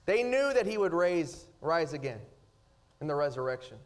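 A man preaching a sermon, swinging between loud, rising emphasis and hushed, slow passages. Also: a little high, sing-song. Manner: dynamic preaching, rising loud then dropping soft. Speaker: pastor.

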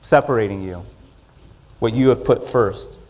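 A man preaching a sermon. He swings from loud, rising lines down to soft, quiet endings. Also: on the low side, a little slow. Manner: dynamic, rising loud in the story and dropping to soft closings. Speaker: pastor.

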